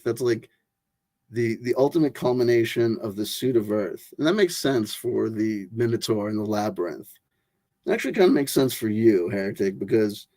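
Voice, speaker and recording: A man with a gravelly, creaky voice talks in a loose, filler-heavy ramble, restarting his sentences as he goes. He sounds close to the mic in a dry room with no echo. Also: medium pitch, warm tone. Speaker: tarot channel host. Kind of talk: rambling casual monologue.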